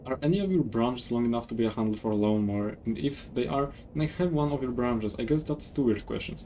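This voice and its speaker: A man streaming a game, a native Polish speaker, joking wryly while he reads the dialogue aloud. His voice sits at an ordinary pitch, with faint noise in the background. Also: quick pace, hardly any pauses, darkish tone. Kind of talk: casual let's-play commentary.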